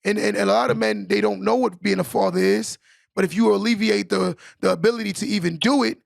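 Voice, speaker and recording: Gravelly, higher-voiced man, earnest podcast talk. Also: fast talker, dry recording, clean studio sound. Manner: earnest, reflective, builds points with rhetorical "right?". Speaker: podcast conversation partner. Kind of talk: casual podcast conversation.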